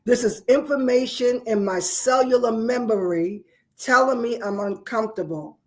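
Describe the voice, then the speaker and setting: A woman's voice: on the high side, moderate pace, a little mellow. A woman minister hosting a spiritual show, leading listeners through repeated affirmations and coaxing them to respond. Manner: repetitive chanted affirmations; coaxing call-and-response to viewers.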